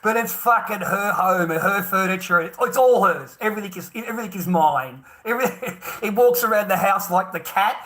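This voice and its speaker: Middle-aged Australian man, high tense voice, swearing rant, bitter scorn. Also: brisk, a bit bright. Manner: profane, heated, scornful, laughs bitterly. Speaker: vlogger. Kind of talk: angry ranting monologue.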